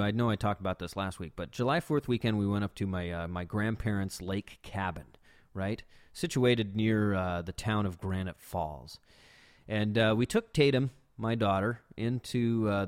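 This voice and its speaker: A man in his thirties hosting a podcast, telling a rambling, animated story with swearing and rising disbelief. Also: on the low side, no room sound, clean studio sound. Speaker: podcast host. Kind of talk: casual storytelling monologue.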